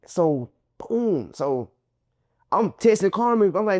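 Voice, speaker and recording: Profane, animated man telling a story. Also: high voice, unhurried, no echo, clean studio sound. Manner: acts out quoted people in a raised voice. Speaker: interview guest. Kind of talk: casual storytelling interview.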